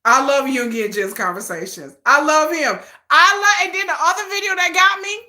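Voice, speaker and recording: A woman's voice: high-pitched, fairly quick, pushed and bright, reverberant. A woman hosting a casual livestream, gushing and laughing as she acts out quotes. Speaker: livestream host.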